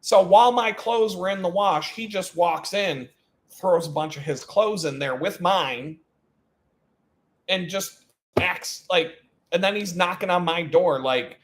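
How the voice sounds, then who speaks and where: Man, higher-pitched voice, profane animated storytelling, live stream chat. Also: moderate pace.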